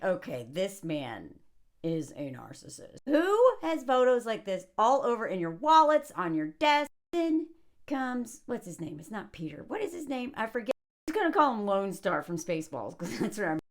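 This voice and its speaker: Female film vlogger, mocking and conversational, high, very animated delivery. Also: moderate pace. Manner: sarcastic and mocking; chatty, full of likes and ums. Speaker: movie reviewer. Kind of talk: casual commentary.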